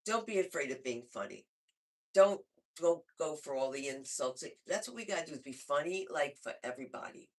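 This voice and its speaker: A man's voice: fairly high pitch, brisk. A man hosting a stand-up comedy night, talking in a loose, rambling emcee patter. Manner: loose, rambling, lively delivery. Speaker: comedy show host.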